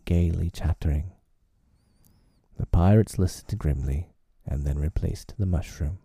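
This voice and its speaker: Slow, dark-toned male narrator for a storybook reading; husky, dry close sound. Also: sits low, no room sound.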